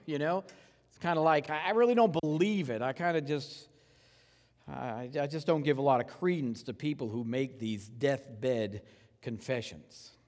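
A male pastor delivers a sermon in a chatty, conversational tone, swinging from loud, pressing rhetorical questions down to hushed, reverent lines. His voice sits a little high for a man. A long reverb from a large hall trails after every phrase.

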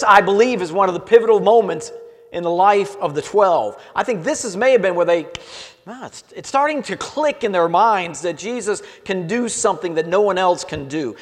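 A man with a high voice preaches an earnest sermon, his phrases often falling away softly at the ends. His voice rings out in a church hall with a long reverb tail. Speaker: pastor.

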